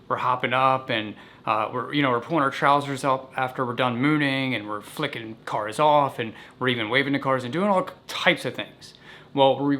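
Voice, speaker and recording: A man casually recounting a childhood story in an animated, vivid way. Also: medium pitch.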